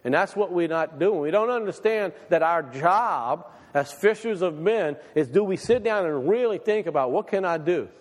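A man's voice: sits high, animated, moderate pace, hardly any pauses. A man preaching a sermon in a church hall, firing rhetorical questions at the congregation and reading scripture aloud. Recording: long reverb in a hall.

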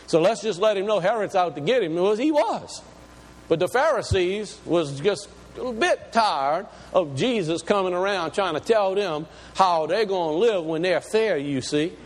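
Male preacher, fairly high voice, dramatic sermon delivery, long reverb of a big hall. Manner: dramatic, swings between loud and hushed. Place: large church hall. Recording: long hall reverb, faint room noise.

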